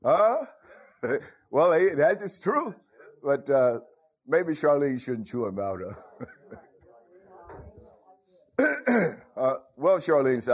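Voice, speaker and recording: Older preacher, folksy and rhythmic. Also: male voice, fairly high pitch, very animated, takes it slowly, pauses often, husky. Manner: call-and-response, frequent "huh?" and "thank you, Lord". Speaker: pastor. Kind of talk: folksy sermon. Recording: dull lo-fi recording.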